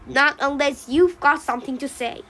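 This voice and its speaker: A woman's voice: high voice, normal speed, fairly bright tone, a little hiss or hum, poor audio. A woman reading the part of a gloomy, worrying father pine tree in a storybook play. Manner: reads the role labels aloud between lines.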